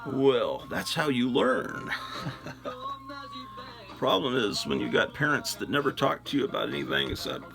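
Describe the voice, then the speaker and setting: A man's voice: mid-range voice, lively intonation, normal speed, low-quality recording. An older man hosting a casual solo chat, rambling and self-deprecating as he sorts through things, recorded on a phone. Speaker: host. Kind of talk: casual solo chat while sorting comics. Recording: music clearly playing behind. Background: music.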